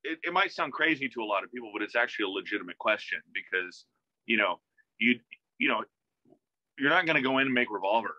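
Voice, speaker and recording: Bright-voiced man telling a story. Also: mid-range voice, quick pace, no room sound. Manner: animated, acts out quoted dialogue, many restarts. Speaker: interview guest, musician. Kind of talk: casual storytelling interview. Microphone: video call. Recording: dull, dry video-call audio.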